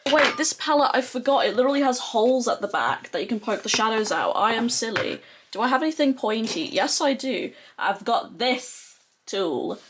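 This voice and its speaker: A young adult woman who talks chattily and excitably as a beauty vlogger, with lots of "like" fillers. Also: on the high side, normal speed, noisy background. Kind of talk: casual chatty tutorial.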